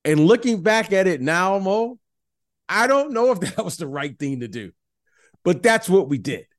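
A man's voice: high voice, sing-song, normal speed, dry recording, clean studio sound. Chuckling, stammering middle-aged man co-hosting. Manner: keeps addressing his co-host by name, stammering restarts, chuckling. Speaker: podcast co-host, former pro basketball player. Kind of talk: casual sports chat.

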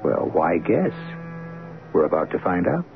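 A wry, affectionate American general in a 1970s radio drama. His lowish voice rises and falls with plenty of life. The sound is thin and phone-like, with a steady hiss like an old broadcast. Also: a little slow, gravelly, heavily acted. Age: middle-aged. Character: American brigadier general, fond, wry husband.

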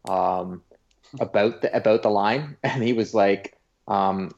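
A man co-hosting a podcast, chatting casually with quick asides. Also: on the low side, gravelly, a little mellow, muffled recording. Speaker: podcast co-host. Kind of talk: casual sports chat.

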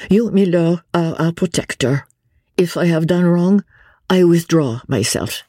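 A woman voicing a proud young French nobleman who speaks with formal dignity in an audiobook. Her voice is husky. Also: on the low side, unhurried, warm tone, no room sound, studio quality, voice pushed up. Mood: dignified. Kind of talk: audiobook character reading.

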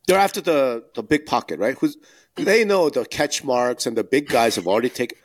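A male podcast co-host speaks in a blunt, emphatic way and keeps stacking rhetorical questions. His pitch swings widely from phrase to phrase, giving him a lively, animated delivery. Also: normal speed. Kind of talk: casual podcast discussion.

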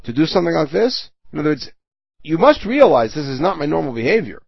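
A man's voice: a little high, sing-song, quick pace, gravelly, slightly rough, no echo. A man giving a Torah lesson, reading Hebrew verses and translating them line by line, with everyday examples. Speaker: Torah teacher. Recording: dull lo-fi recording.

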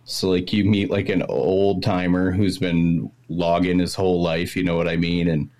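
Low-pitched male host, Maine accent, easygoing storyteller for a casual podcast. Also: little pitch movement, moderate pace, a little mellow. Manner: laid-back storyteller who slips into an exaggerated old-timer accent for impressions. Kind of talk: casual chat.

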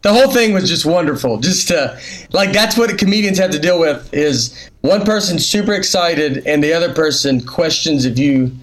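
A male comedian guesting on a podcast, talking in a relaxed, low-key way. His voice sits a little high and his delivery stays unhurried. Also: poor audio. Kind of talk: casual chat.

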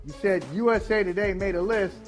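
A man's voice: sits high, steady tone, brisk, faint music behind. A man hosting a sports talk show, reacting with laughs and steering the segments in a casual way.

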